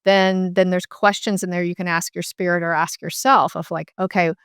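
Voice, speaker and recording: Middle-aged woman explaining with a smooth voice. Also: fairly low pitch, level tone, moderate pace, a bit bright, dry recording, studio quality. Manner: explanatory, many fillers and restarts. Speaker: medical intuitive and author. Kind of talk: interview guest.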